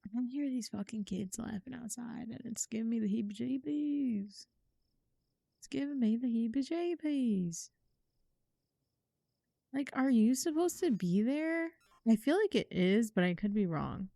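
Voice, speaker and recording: A woman's voice: a little high, measured pace, vocal fry, mellow, no room sound, studio quality. A young woman streaming a horror game, chatting casually to her viewers, slangy and swearing, shrieking when startled. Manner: talks to chat, slangy and swears. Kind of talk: casual live-stream commentary.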